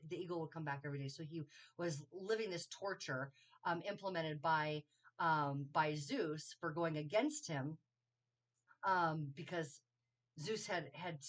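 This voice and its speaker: A woman giving a casual spiritual astrology talk, rambling and correcting herself with lots of ums and okays. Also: deep voice. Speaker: astrology teacher. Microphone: solo video to camera.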